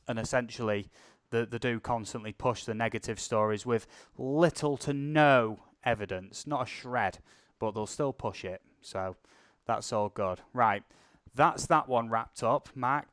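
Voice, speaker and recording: British man with a smooth, dry voice. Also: medium pitch, fairly even intonation, a little slow, a bit bright, no echo. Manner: chatty, laughs often, calls people mate. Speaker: drone news stream co-host. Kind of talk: casual livestream chat.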